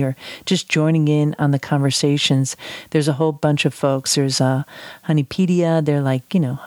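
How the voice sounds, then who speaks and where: A woman's voice: sits low, a little mellow, dry recording. Chatty, gushing woman podcast host. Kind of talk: casual chat.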